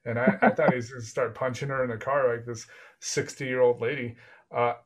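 A man's voice: mid-range voice, flat delivery, a little fast. A man from Texas hosting a podcast, chatting casually and telling stories. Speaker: podcast host. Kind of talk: casual chat.

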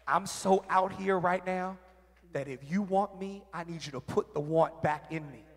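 A man sharing a candid, emotional personal testimony at church, with halting restarts. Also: high-pitched. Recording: reverberant hall.

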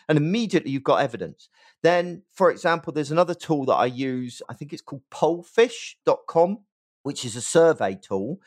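Middle-aged man, West Country English accent, upbeat expert guest, very expressive intonation. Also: fairly high pitch. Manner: animated, emphatic, peppers speech with "right?". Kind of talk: conversational interview.

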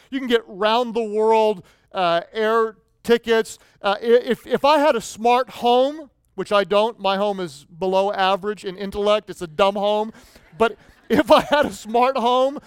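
Male pastor, high clear voice, close and dry, lively sermon storytelling. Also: no room sound. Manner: animated storytelling, rising to near shouts.

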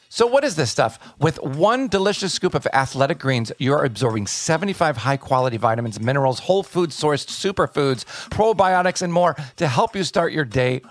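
Lively man hosting a podcast. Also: on the high side, dry recording. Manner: lively, joking. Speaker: podcast co-host. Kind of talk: podcast disclaimer, ad read and banter.

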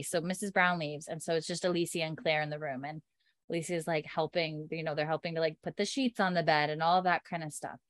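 A woman's voice: sits low, steady tone, moderate pace, a bit bright, no echo. Chatty woman recapping with giggles. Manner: chatty, giggly, acts out characters' lines. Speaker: podcast co-host recapping a TV episode. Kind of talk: casual chat.

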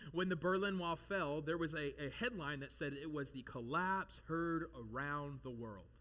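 A male pastor preaching an animated sermon, full of jokes and rhetorical questions. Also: a little high, normal speed.

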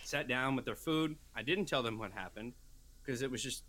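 A man co-hosting a laid-back podcast, spinning a story with lots of fillers and quick bursts of acted-out voices. His pitch sits in an ordinary middle range. He talks in an easygoing conversational way. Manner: animated storyteller, acts out quoted voices. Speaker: podcast co-host. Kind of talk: casual storytelling chat.

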